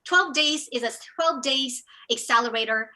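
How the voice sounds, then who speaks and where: A woman's voice: high-pitched, normal speed, sharp tone, poor audio. A woman hosting an online coaching training over a video call, talking with eager emphasis and frequent restarts. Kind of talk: motivational online training talk.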